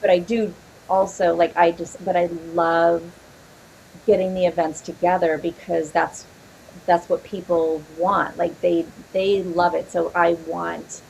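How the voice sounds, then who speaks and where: A woman's voice: fairly low pitch, flat delivery, unhurried, vocal fry, darkish tone, slight background noise, low-quality recording. A woman guest on a podcast, chatting casually with many restarts and frequent laughter. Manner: laughs often, rambling restarts. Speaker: podcast guest, paranormal investigator. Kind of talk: casual chat.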